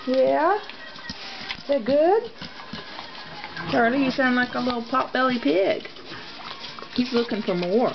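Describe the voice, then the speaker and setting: High cooing woman, lo-fi home video. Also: unhurried, vocal fry, long pauses, over music. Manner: cooing sing-song baby talk to dogs. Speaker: dog owner filming her pets. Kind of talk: home video, talking to pets. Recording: dull lo-fi home video with background noise.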